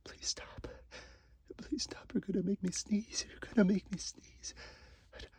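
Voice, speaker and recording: A man in a whispered role-play, pleading in halting words and breaking into sneezes. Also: high-pitched, fairly even intonation, gravelly, a little mellow. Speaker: audio role-play performer.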